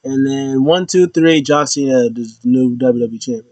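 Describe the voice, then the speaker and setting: A young man giving a casual, animated wrestling recap in slangy talk, now and then acting out the wrestlers in a pitched-up voice. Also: normal speed, no echo, highs cut off. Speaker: wrestling show reviewer. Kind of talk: casual opinion vlog.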